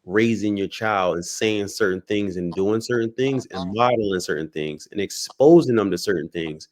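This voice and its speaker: Deep-voiced man telling his story. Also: normal speed. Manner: reflective storytelling with many restarts. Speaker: podcast guest. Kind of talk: casual conversation.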